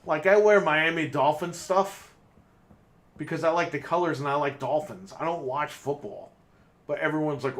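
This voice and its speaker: A man's voice: a little high, normal speed, fairly bright tone. A man co-hosting a gaming podcast, telling stories in casual chat while playing, swearing freely. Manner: swearing, storytelling with laughs. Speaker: podcast co-host.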